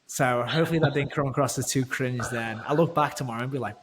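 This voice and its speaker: A man of middle pitch chats as a guest coach on a podcast, rambling, restarting his sentences and swearing freely. His speech is loose and unscripted. A faint hiss sits under the recording. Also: fast talker, hardly any pauses. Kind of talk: casual podcast chat.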